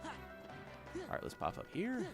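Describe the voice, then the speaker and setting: A man's voice: measured pace, over loud music. A young man chatting and joking casually while playing a video game, laughing often. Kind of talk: casual gameplay commentary.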